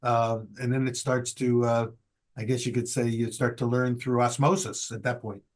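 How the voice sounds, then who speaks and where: A man hosting a radio interview, speaking haltingly with fillers. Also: mid-range voice, flat delivery, noisy background. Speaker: radio host. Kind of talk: casual interview.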